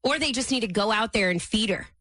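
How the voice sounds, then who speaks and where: A woman's voice: on the high side, animated, fairly bright tone, no room sound. A woman co-hosting a morning radio show, playful and teasing in casual banter. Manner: playful, teasing, quick laughs. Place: radio studio. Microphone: studio microphone.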